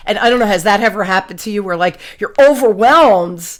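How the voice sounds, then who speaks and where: A woman hosting a podcast, chatting casually and telling stories in an animated, exclamatory way. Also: medium pitch, a little fast. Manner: animated storyteller, exclamatory, slangy. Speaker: podcast host. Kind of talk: casual chat.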